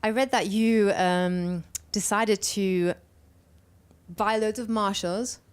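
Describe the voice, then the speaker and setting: A woman's voice: mid-range voice, steady tone, slow, smooth. A woman interviewing a rock musician in a casual chat, asking eager, chatty questions.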